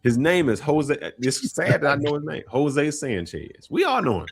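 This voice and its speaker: Animated slangy man telling a story. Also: a little high, fairly quick, vocal fry, slightly rough. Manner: animated, slangy storyteller who acts out voices and laughs often. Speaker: podcast co-host telling a travel story. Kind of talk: casual storytelling chat.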